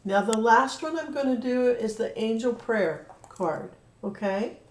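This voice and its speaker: A woman giving a spiritual card reading, talking in an earnest, gently encouraging way. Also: a little high, a little slow, slight background noise. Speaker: card reader. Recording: roomy echo, voice from a distance.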